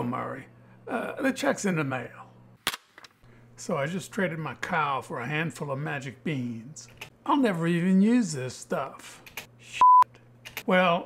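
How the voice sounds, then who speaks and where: An American man talking through his gem cutting in a dry, deadpan way. His voice has a gravelly edge. A faint background noise sits under the recording. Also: on the high side. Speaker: lapidary and jewelry maker. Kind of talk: joking workshop narration.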